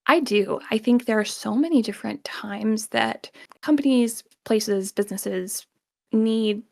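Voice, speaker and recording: A woman voice actor talks casually as an interview guest, with a gravelly, slightly fried edge to her mid-pitched voice. She laughs often and keeps dropping "like" as she explains her points. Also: measured pace, dark tone. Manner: chatty, laughs often, many "like" fillers.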